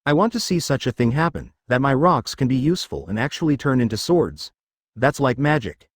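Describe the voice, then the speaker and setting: Brief: cheerful newborn slime girl, innocently blunt, lively pitch, read by a man in his own voice. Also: a little fast, no room sound, studio quality, natural voice. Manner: matter-of-fact, innocently blunt. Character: cheerful naive infant female slime. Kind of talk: fan fiction reading.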